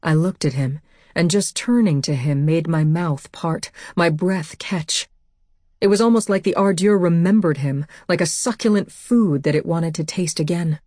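A woman's voice: fairly low pitch, moderate pace, darkish tone, no echo, studio quality. A woman reading a first-person novel aloud as audiobook narrator, with an intense delivery.

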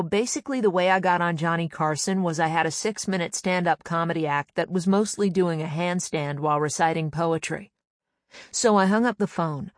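A woman's voice: fairly low pitch, dry recording, studio quality. A comedian telling a personal story in a chatty way, sometimes acting out the voices of people she quotes. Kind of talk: anecdotal storytelling.

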